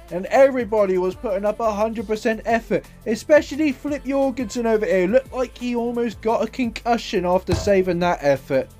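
A man commentating his own football video game career, jokey and excitable. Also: high voice. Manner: excitable, jokey, says literally a lot. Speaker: gaming YouTuber.

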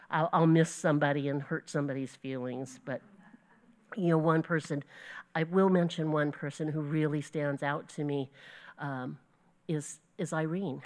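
A woman's voice: sits low, unhurried. A woman teaching a Bible lesson to her group, earnest and storytelling, with small slips she corrects as she goes. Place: church gathering.

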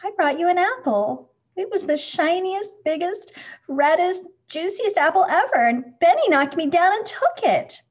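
A woman reading aloud and voicing a small, shy but indignant schoolboy in a high, pleading voice. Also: very animated, drawn-out words, pauses often, darkish tone, husky, heavily acted. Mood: upset. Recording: muffled lo-fi recording.

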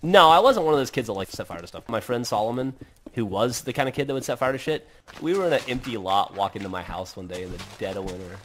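A man's voice: medium pitch, quick pace, a little hiss or hum. A man in his forties telling funny personal stories in a casual chat, swearing freely and acting out the people he quotes. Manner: animated, swears freely, acts out quoted voices. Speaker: podcast host telling stories. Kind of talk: casual storytelling with laughs.

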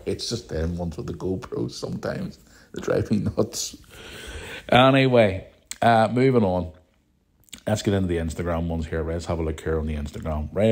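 Deep-voiced chatty Northern Irish man. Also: darkish tone. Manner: rambling, teasing, chatty. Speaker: podcast host. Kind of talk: casual podcast chat.

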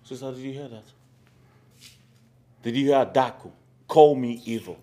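An actor playing an aggrieved uncle with a Nigerian accent and a husky voice, complaining to his sister. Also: medium pitch, moderate pace, mellow, close to an everyday voice. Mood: wounded. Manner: complaining, wounded. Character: aggrieved middle-aged uncle Frank, company manager.

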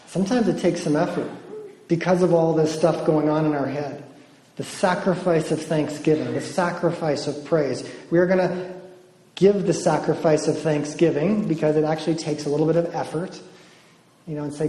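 A man's voice: a little high, steady tone, moderate pace, mellow. A man preaching at a conference, earnestly leading the audience in call-and-response affirmations. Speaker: conference speaker. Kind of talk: sermon. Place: conference hall. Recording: echoey hall with long reverb.

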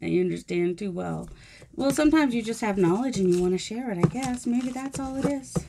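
A woman's voice: fairly high pitch, expressive, a little fast, creaky, noisy background. Chatty rambling woman crafting. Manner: rambling, musing aloud while working; self-deprecating. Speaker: mixed media crafter.

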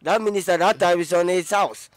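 A man's voice: high voice, normal speed, no room sound. A man with a Ghanaian English accent, a radio panelist rambling playfully in broken English in comic studio banter.

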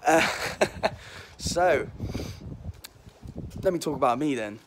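A man's voice: on the high side, expressive, slow pace. Man, 20s, mild Liverpool accent, self-mocking vlog host, phone recording outdoors with faint wind noise. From Liverpool, England. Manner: cheeky, rambling, self-mocking. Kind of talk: casual joking vlog. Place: outdoors in a windy back garden. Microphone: phone held while walking.

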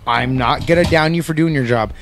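A man's voice: on the high side, a little fast, fairly bright tone, slight background noise. A man telling a heated, profane story in casual chat among friends.

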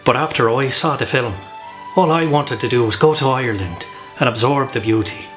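A man's voice: mid-range voice, brisk, a bit bright, faint music behind. A man hosting a comedic film review, talking with wry, joking asides.

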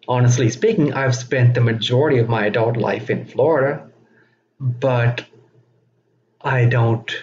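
A man giving a recorded teaching lecture, speaking slowly and deliberately with frequent fillers. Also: medium pitch, creaky, darkish tone. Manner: slow, deliberate, self-aware delivery with frequent fillers. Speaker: instructor. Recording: dull lo-fi recording with faint noise.

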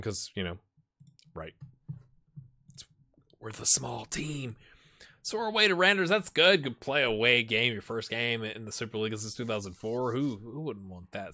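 A man gives casual let's-play commentary in a bright, pushed-forward voice, joking with his viewers and mumbling asides as he goes. The sound is close and dry, with no room around it. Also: mid-range voice, expressive, normal speed, no room sound. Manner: chatty, self-mocking, jokes and muttered asides. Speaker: gaming channel host.

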